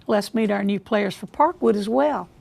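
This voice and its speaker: Gravelly-voiced woman hosting a quiz. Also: medium pitch, a little mellow. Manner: measured, repeats questions deliberately. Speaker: quiz show host. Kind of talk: reading quiz questions.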